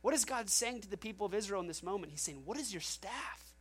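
Woman preacher, middle-aged, chatty animated sermon delivery, mid pitch. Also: fast, breathy edge. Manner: lively, conversational preaching with acted quotes and laughs.

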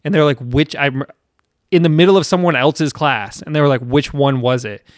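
A man's voice: fairly high pitch, fairly quick, no echo, clean studio sound. A man in his thirties from South Carolina, hosting a casual chat and telling a rambling, profane story with self-deprecating laughs.

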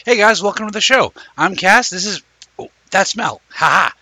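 A man's voice: high-pitched, animated, normal speed, sharp tone. A man co-hosting a late-night livestream, chatting loosely and joking with plenty of cursing. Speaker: co-host. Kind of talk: casual livestream chat.

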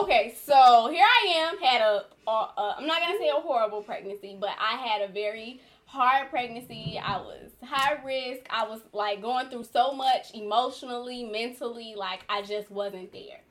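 A woman in her thirties hosting a podcast, telling a story in casual chat and acting out quotes with a lively voice. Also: a little high, normal speed, hardly any pauses. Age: 30s. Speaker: podcast host.

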